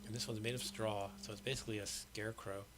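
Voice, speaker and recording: Relaxed middle-aged man, hissy stream audio. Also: on the low side, fast. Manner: relaxed, explains game rules patiently. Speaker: game stream host. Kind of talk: casual gameplay commentary.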